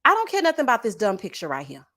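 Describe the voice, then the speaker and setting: Sassy, lively woman reality-show commentator. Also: a little high, racing. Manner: sassy, dramatic, laughing, calls viewers honey and child. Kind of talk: casual reaction commentary reading viewer comments.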